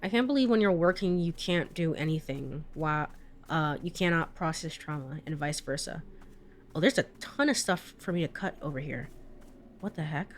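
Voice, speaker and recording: A woman's voice: low-pitched, lively intonation, normal speed, slight background noise. A woman giving casual let's-play commentary in a chatty way, often laughing and trailing off. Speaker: streamer.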